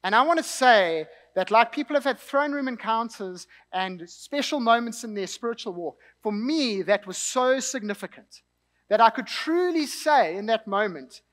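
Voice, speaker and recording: Young South African male preacher, light high tone, relaxed anecdotal delivery. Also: moderate pace, big-room sound. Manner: conversational storytelling with asides and light laughter. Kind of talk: sermon.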